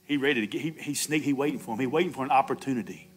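A man's voice: mid-range voice, rapid-fire, breathy edge. A man preaching an Easter sermon, laughing often, calling out "Amen" and acting out the Bible dialogue himself. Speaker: pastor.

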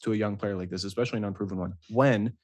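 A man's voice: fairly low pitch, fairly even intonation, racing, a little mellow. A man co-hosting a casual football podcast, making his case and checking in with "right?" over and over. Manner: argumentative, keeps asking "right?". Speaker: podcast co-host.

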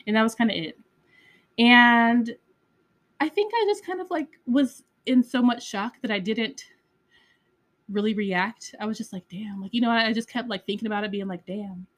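A woman's voice: fairly high pitch, moderate pace, a bit bright. A woman hosting a podcast, telling a personal story in a candid, casual way, with frequent swearing and lots of "like" and "you know". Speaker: podcast host.

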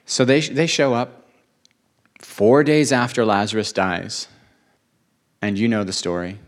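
A male preacher with a fairly low voice delivers a sermon. He speaks earnestly and with feeling, often repeating key phrases for emphasis. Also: fairly even intonation, unhurried.

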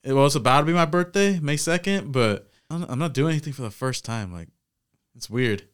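A man's voice: medium pitch, fairly quick, smooth. Podcast co-host, man, twenties, resonant voice, laughs a lot, loose and profane. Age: 20s. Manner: laughs often, swears, animated storytelling. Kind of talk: casual chat.

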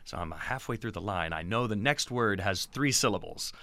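A man who directs and teaches acting, giving animated, explanatory answers in an interview. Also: fairly low pitch, normal speed, vocal fry, dry recording.

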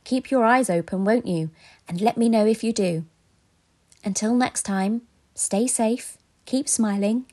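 A woman telling a children's story as a podcast storyteller, in a gentle, expressive way. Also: a little high, unhurried.

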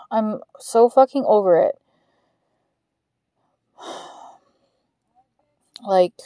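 A frustrated woman vents in a podcast monologue and swears constantly. Her voice is mellow and dark, in the middle of the range for a woman. The sound is dry and close. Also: mid-range voice, no echo. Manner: frustrated, heavy swearing, ranting. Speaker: podcast host. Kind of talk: venting monologue.

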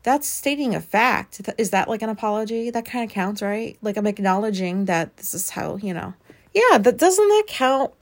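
A woman's voice: medium pitch, a little fast, hardly any pauses. A woman hosting a casual solo podcast, talking in a rambling, self-questioning way and swearing freely as she thinks aloud. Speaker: podcast host.

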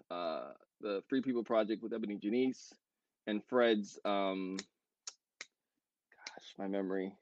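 Low-voiced man chatting with lots of fillers. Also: a little mellow, dry recording, lo-fi sound. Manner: rambling, with many fillers and self-corrections; talks fast. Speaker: co-founder of a clothing brand. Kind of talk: casual podcast chat.

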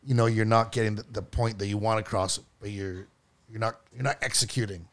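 A man co-hosting a podcast in casual chat, rambling and repeating himself with halting starts. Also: on the low side, fairly even intonation. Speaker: podcast co-host.

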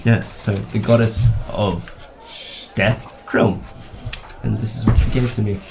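A man's voice: fairly low pitch, steady tone, unhurried, gravelly, noisy background. A man playing a tabletop game, jokey, slipping into his character's lines. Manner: jokey, talks in character with laughs. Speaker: player.

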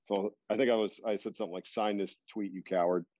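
A man's voice: lowish voice, fairly even intonation, quick pace, darkish tone, no echo. A man chatting casually about sports on a podcast, rambling with lots of fillers and restarts. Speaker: podcast guest. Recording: dull, dry lo-fi recording.

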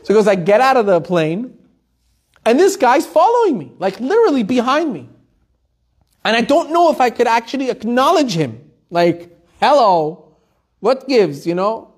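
Male Torah teacher, fairly high voice, lively storyteller who acts out the people in his tales. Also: normal speed. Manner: animated storytelling, acting out the people in his stories.

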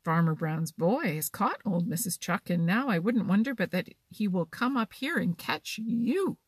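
A woman's voice: mid-range voice, animated, normal speed, breathy edge, dry recording. A woman voicing a sly, taunting fox. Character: sly, teasing male fox who likes tormenting others. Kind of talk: storybook reading.

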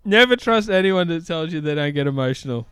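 A man's voice: a little high, animated, a bit bright, smooth. A man co-hosting a podcast, chatting wryly about a TV show. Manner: wry, chatty, quick to quip. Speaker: podcast co-host. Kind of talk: casual recap chat.

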